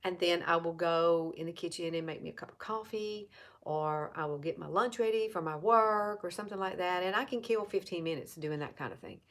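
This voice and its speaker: In a casual live makeup tutorial, a chatty Southern woman from Alabama in her fifties, a makeup seller and vlogger, talks straight to viewers and repeats herself. Her voice is low and she speaks fairly quickly.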